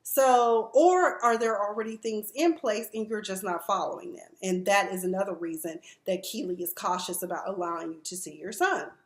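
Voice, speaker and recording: Blunt woman in her 40s running down reality tv drama, cusses freely, acts out the people she talks about, mid pitch, roomy echo. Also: moderate pace, few pauses. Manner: blunt, candid, profane, mimics the people she discusses. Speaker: reality TV recap vlogger. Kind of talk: casual commentary.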